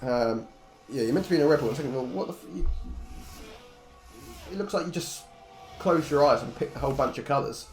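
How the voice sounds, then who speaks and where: Lively, jokey male race commentator. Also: mid-range voice, a little fast, pauses often. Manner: jokey, blunt, swears freely. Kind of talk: live esports race commentary. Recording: roomy echo, faint music behind.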